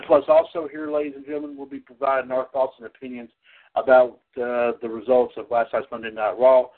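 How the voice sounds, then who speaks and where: A man hosting a wrestling call-in podcast, rambling with many restarts and repeated "ladies and gentlemen". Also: mid-range voice, flat delivery, fairly quick. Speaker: podcast host. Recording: tinny phone-line audio.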